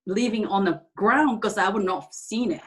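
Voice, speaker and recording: A woman in a group conversation tells a heartfelt story in halting speech, with frequent restarts and loose grammar. Her pitch sits in an ordinary middle range. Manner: halting, restarts sentences, non-standard grammar. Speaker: group participant sharing a story. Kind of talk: casual personal storytelling.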